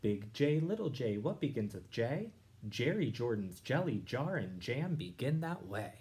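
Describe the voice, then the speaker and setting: A man teaching young listeners, reading a rhyming picture book aloud and explaining it in a gentle, encouraging way. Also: medium pitch. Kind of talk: read-aloud lesson.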